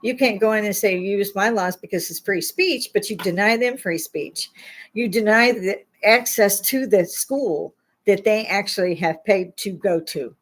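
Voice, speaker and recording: A woman's voice: mid-range voice, unhurried, poor audio. An older woman, a self-described grandma on YouTube, ranting bluntly and scolding her listeners with mounting indignation. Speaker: YouTube commentator. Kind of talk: angry political rant.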